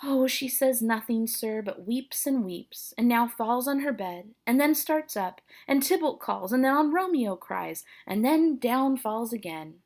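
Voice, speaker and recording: A woman voicing a fussy older woman servant in a high, fluttery, wailing voice while reading a play aloud. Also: expressive, a little slow, hardly any pauses, a little mellow. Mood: fretful.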